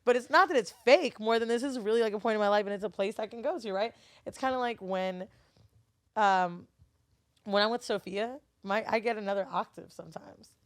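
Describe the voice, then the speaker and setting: A woman's voice: medium pitch, fairly quick, no room sound, clean studio sound. A woman from Florida, a podcast guest, chatting casually and telling stories with lots of swearing. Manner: animated, profane, laughing storyteller. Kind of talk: casual chat.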